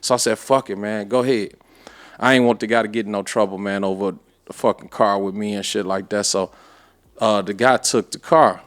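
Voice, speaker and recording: A man, a podcast guest, telling a story in a casual, animated way with profane street slang. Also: fairly low pitch, brisk.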